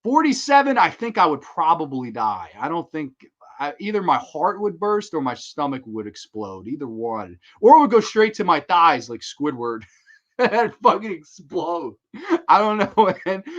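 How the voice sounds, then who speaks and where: Excitable, cussing man on a livestream. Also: fairly high pitch, moderate pace, muffled recording. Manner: excitable, laughs often, swears freely. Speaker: livestream host. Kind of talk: casual livestream chat.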